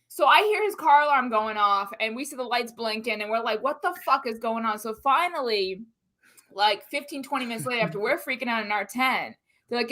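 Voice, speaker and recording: A woman co-hosting a casual live-stream chat, telling a story in an animated, profane way. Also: a little high, fairly quick. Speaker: co-host. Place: Central Florida.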